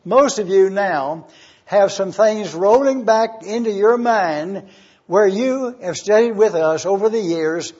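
A man giving an expository Bible teaching sermon as pastor, deliberate and repeating key phrases for emphasis. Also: sits high, darkish tone, slightly rough, highs cut off.

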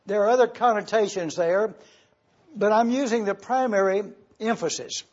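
A pastor, a man, teaching a sermon in a slow, deliberate way, spelling out Greek words for his congregation. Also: sits high, a little mellow, highs cut off. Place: church.

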